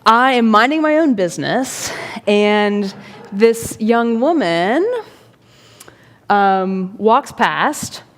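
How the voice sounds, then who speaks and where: A woman priest telling a chatty, animated story with self-mocking humor at a church forum. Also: mid-range voice, very slow. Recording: reverberant church hall.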